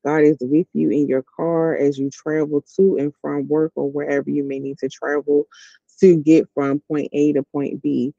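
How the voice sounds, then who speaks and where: A fairly high-pitched man with a gravelly, very dark and mellow voice delivers an earnest devotional reflection, repeating key words to drive them home. The recording is dry and dull, a lo-fi sound. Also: flat delivery, moderate pace, no echo. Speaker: podcast host.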